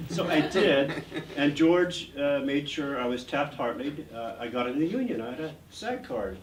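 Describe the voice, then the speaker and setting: A man's voice: mid-range voice, lively intonation, normal speed, crowd noise. A man in his sixties, an actor guest telling stories in an interview, rambling with lots of "uh" fillers. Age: 60s. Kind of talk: anecdotal interview storytelling. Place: art gallery event. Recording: roomy, distant mic, faint noise.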